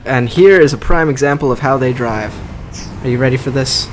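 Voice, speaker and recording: A man's voice: mid-range voice, a little fast. A man casually commenting over his own gameplay, cracking dry jokes and rambling through side remarks. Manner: dry, joking, rambling asides. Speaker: let's play host.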